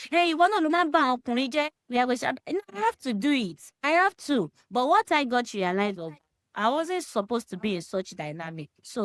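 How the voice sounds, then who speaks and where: A woman's voice: medium pitch, no room sound, clean studio sound. A woman in her thirties with a Yoruba Nigerian accent talks emphatically in a casual discussion. She mixes Yoruba phrases into her English. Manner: emphatic, animated, talks straight to the listener. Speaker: podcast discussion guest. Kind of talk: casual faith-centred discussion.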